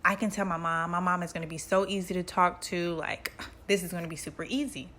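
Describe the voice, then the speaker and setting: A woman doing a hesitant young man in his twenties, quiet and subdued, with a soft, low-key delivery. He sounds unsure of himself. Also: steady tone, a little fast, close to an everyday voice.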